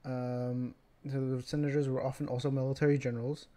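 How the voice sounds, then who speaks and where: A man giving casual, chatty reaction commentary, loose and quick to laugh. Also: mid-range voice, level tone, dark tone. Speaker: reaction video host.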